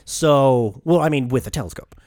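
A man's voice: mid-range voice, moderate pace, darkish tone, dry recording, studio quality. A young American man co-hosting a podcast, telling a story in casual chat and swearing often. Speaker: podcast co-host.

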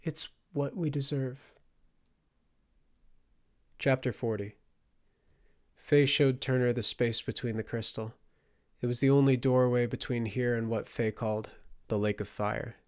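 A man narrating a fantasy audiobook with a steady, even storytelling delivery. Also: mid-range voice, normal speed, clear, resonant tone. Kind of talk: scripted narration.

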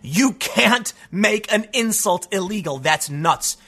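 A male host delivering solo commentary in a high, bright voice. His pitch leaps around constantly as he makes his points with emphatic energy. He drives each argument home hard. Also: takes it slowly. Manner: emphatic, animated, acts out quoted voices.

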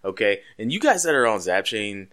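A man co-hosting a podcast in casual, profane banter. His voice sits a little low but sounds bright and forward. He jokes freely with his co-hosts. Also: big pitch swings, brisk. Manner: loose, profane, jokey. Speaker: podcast co-host.

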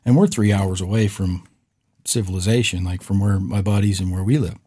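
A man with a lowish, dark and mellow voice telling a story on a casual podcast. He is animated and acts out the other people in his story as he goes. The sound is dry and close. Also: a little fast, slightly rough, no room sound. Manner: animated storyteller, acts out quoted voices, says "bro" and "dude". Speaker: podcast co-host.

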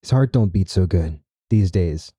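A man's voice: low-pitched, expressive, moderate pace, warm tone, slightly rough, no echo, clean studio sound. A man hosting a podcast, retelling a story in casual chat with many "right?" asides. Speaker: podcast host.

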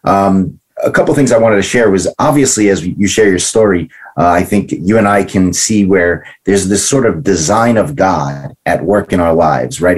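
A man who is a pastor hosting a faith podcast interview, speaking to his guest in an affirming, measured way with frequent fillers. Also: low voice, darkish tone, slightly rough.

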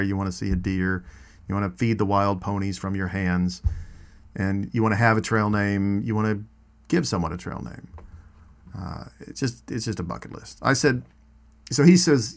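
Low-voiced man telling trail stories. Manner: conversational and rambling, with asides and restarts. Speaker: storyteller. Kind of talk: casual spoken storytelling.

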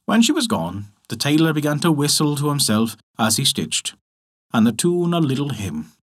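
A man narrating a folk tale in an expressive storytelling manner. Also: on the high side, moderate pace.

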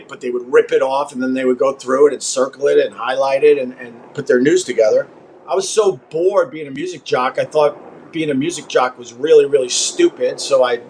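A man's voice: medium pitch, a little hiss or hum. A middle-aged man from Long Island with a light Long Island accent, hosting a radio talk show in a chatty, jokey, rambling way while achy and unwell. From Long Island, New York. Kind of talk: casual radio talk with ad reads.

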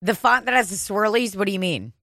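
A woman's voice: medium pitch, lively intonation, a little fast, creaky, fairly bright tone, no echo. A woman in casual chat, rambling and joking crudely, laughing often.

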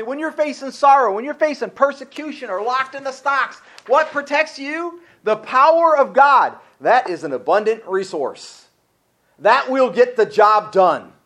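High-voiced man preaching a sermon. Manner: emphatic preaching with repeated rhetorical questions; reads scripture aloud between his own remarks. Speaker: pastor.

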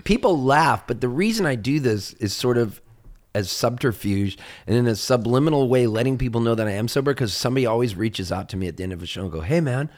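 A male singer-songwriter in casual conversation, telling stories, acting out other people's lines in a raised voice and dropping low and quiet on serious moments. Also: lively intonation, quick pace.

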